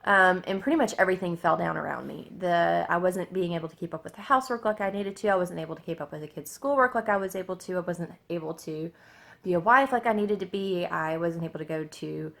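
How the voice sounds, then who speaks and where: A woman, telling a personal story in a halting way, with many fillers and restarts. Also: fairly low pitch, a bit bright. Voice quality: gravelly. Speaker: vlogger.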